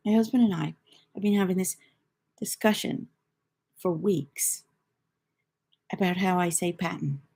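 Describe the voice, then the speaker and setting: A woman's voice: mid-range voice, creaky, mellow, husky. An older woman from the United Kingdom, hosting a knitting livestream in a rambling, chatty storytelling way. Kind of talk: casual chat.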